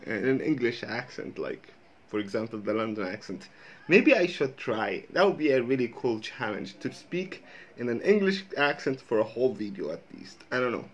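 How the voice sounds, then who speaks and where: A man's voice: medium pitch, expressive, moderate pace, muffled recording. Chatty Arabic-native man hosting reactions. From Jordan. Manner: chatty, filler-heavy, breaks into laughter. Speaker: reaction video host. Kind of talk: casual reaction commentary.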